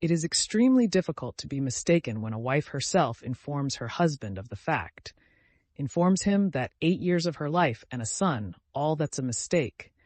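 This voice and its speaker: A male audiobook reader voicing a cold, formal aristocratic husband who speaks in measured, stiff sentences. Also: on the high side, animated, dry recording. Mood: bitter.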